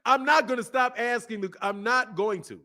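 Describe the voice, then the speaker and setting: This boxing channel host's voice is very high-pitched and moves at a normal speed. He talks casually to the camera, giving lively, slangy commentary and laughing often; the sound comes from the camera mic.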